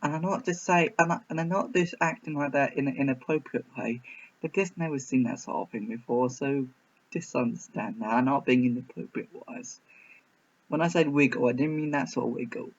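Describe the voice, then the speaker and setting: Guy rambling thru a movie review, lots of ums and restarts, middle pitch, audio a bit muffled. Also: brisk. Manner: rambling and hesitant, full of restarts. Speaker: film reviewer. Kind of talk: casual reaction video. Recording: slightly muffled.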